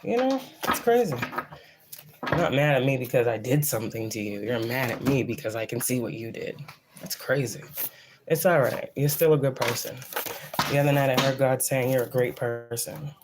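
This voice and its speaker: A woman's voice: very deep voice, fairly quick, noisy background. A woman giving a casual psychic reading, blunt and profane, who repeats phrases for emphasis. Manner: blunt and profane, rambling, preachy. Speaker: psychic reader. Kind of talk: casual channeled spiritual reading.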